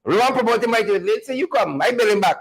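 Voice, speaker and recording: A man hosting mocking political commentary, loud and sarcastic with laughing asides. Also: high-pitched, rapid-fire, poor audio. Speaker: host.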